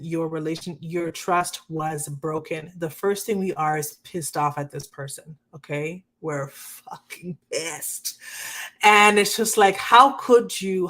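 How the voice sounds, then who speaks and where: Lowish-voiced woman coaching viewers. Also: a bit bright. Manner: earnest, repetitive, checks in with "okay?"; addresses viewers directly, asks for comments. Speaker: marriage coach. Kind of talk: live-stream coaching talk.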